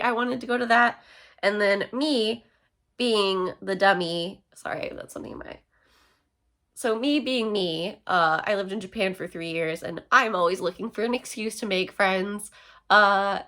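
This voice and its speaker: A young woman vlogger chatting casually through a storytime, excitable and full of fillers. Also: mid-range voice.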